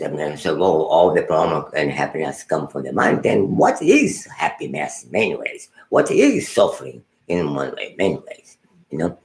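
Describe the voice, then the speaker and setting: A man with a low, gravelly voice teaches meditation as a Buddhist teacher, speaking slowly with lots of rise and fall. He halts, repeats words and restarts phrases, often sinking to a soft murmur. The sound is roomy and echoey.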